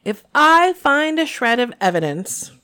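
A woman's voice: sits high, big pitch swings, measured pace, sharp tone, pitched above the performer's own voice, exaggerated voice. A woman doing a cruel headmistress who speaks in a raised, sugary voice. She delivers her threats with prim, cold sweetness, in an audiobook-style reading. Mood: sweetly menacing.

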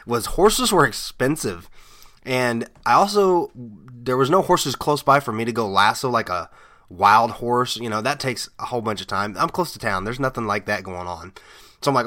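A man's voice: mid-range voice, animated, moderate pace, sharp tone. A man hosting a podcast, telling rambling, amused stories in a casual monologue full of fillers and restarts. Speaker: podcast host.

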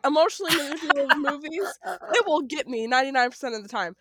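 A woman's voice: sits high, quick pace, a bit bright, dry recording, clean studio sound. A woman co-hosting a casual movie review chat, emphatic and blunt. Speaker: podcast co-host.

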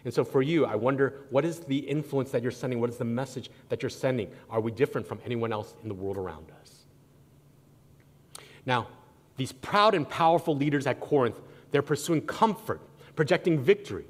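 Male pastor, mid-pitched, chatty sermon delivery with wry humor; long church-hall reverb. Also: fairly quick. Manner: conversational preaching with self-deprecating humor.

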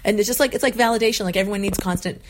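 A woman, a parent of a toddler and an author, talking as a guest in a casual chat, lively and full of fillers. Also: medium pitch, very fast, a little hiss or hum. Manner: chatty, lively, full of fillers and acted-out quotes.

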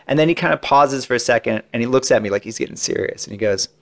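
Guy on a podcast spinning stories from his interviews, acts out the quotes, chatty and animated. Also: mid-range voice, quick pace, few pauses. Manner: animated anecdotes acting out quotes. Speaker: podcast guest, entertainment interviewer. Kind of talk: casual storytelling chat.

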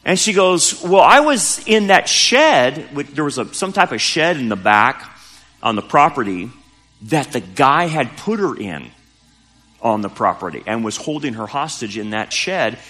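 A man's voice: medium pitch, animated, normal speed, pushed and bright. A man preaching a sermon as pastor, telling a story in a casual, conversational way with emphatic rises. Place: church sanctuary. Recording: church hall with long reverb.

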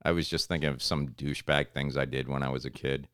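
A man co-hosting a podcast, telling a story in a casual, animated way and acting out the voices of the people in it. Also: extremely low pitch, quick pace, clean tone, dry recording, clean studio sound. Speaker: podcast co-host and stand-up comedian.

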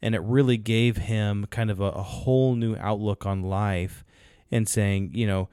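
A man's voice: fairly low pitch, steady tone, a little slow, mellow, clear, resonant tone, dry recording, studio quality. A man co-hosting a podcast, casually retelling a film's story with fillers. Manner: storytelling, retelling films with acted quotes. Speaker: podcast co-host. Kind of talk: casual chat.

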